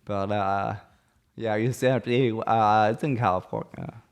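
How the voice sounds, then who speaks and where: A man's voice: on the low side, fairly even intonation, measured pace, gravelly, clear, resonant tone, lo-fi sound. A young man co-hosting a comedy podcast, chatting casually and rambling with many restarts and fillers. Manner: rambling, hesitant, full of restarts.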